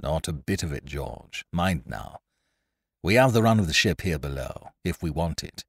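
A man voicing a bold, grinning pirate captain who talks in rough, hearty old sailor speech. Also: extremely low pitch, animated, normal speed, no room sound, studio quality, pitched below the performer's own voice, heavily acted. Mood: scheming.

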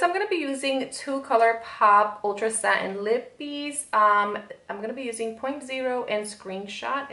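A woman's voice: medium pitch, gravelly, a bit bright, echoey room. A woman with a Spanish accent talking through a makeup tutorial step by step as a beauty vlogger. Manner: chatty, step-by-step instructions.

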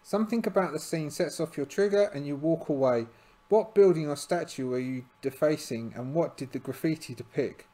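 A man's voice: fairly high pitch, normal speed, dark tone. A tired man narrating a solo tabletop game, hesitant and full of fillers and restarts.

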